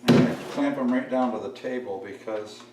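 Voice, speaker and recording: A man's voice: mid-range voice, brisk. Man muttering in an echoey workshop. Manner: muttering to himself as he builds. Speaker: DIY workshop host. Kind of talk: casual talk while working. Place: workshop, indoors. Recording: echoey workshop, far mic, tool noise.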